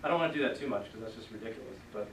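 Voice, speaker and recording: A man's voice: on the low side, rapid-fire, a little hiss or hum. Teacher man in an echoey classroom. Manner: relaxed, leads class in repeating sounds. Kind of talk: classroom lesson. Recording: echoey room, voice from far off.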